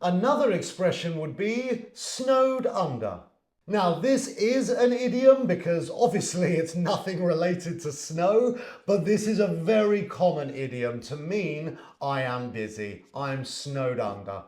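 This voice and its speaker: A man with a British accent, an English teacher explaining everyday phrases to his viewers in an animated way. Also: sits high, echoey room. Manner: animated, shifts into quick acted example lines. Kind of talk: explaining lesson to camera.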